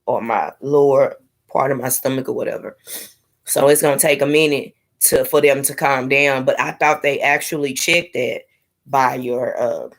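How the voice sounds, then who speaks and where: A young woman in casual live-stream chat, candidly talking to her viewers with sassy asides. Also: a bass voice. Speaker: vlogger sharing her IVF journey.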